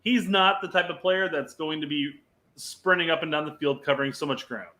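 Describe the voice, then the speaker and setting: Bright-voiced man, emphatic soccer podcaster. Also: on the high side, fairly quick. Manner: emphatic, analytical, swears casually. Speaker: podcast co-host. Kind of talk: casual soccer chat.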